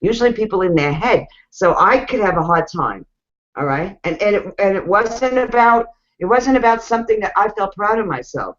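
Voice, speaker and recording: A woman's voice: medium pitch, animated, normal speed, muffled recording. A woman hosting a casual group coaching talk, frank and blunt, with mild swearing.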